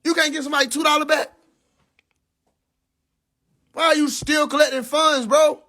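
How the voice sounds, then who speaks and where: A young man hosting a livestream, ranting in a casual, profane way. He speaks, sounds incredulous and animated, and breaks into laughter often. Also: extremely high pitch, moderate pace. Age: young adult. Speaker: livestream host. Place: in a car.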